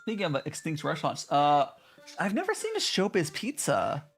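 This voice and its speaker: A male streamer chats casually with his viewers, his pitch bouncing up and down in a lively way. He reads messages aloud and answers them with plenty of restarts. Soft music plays quietly in the background. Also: moderate pace. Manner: chatty, reads and answers chat, many restarts. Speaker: VTuber streamer. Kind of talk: casual live-stream chat. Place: home stream in Japan.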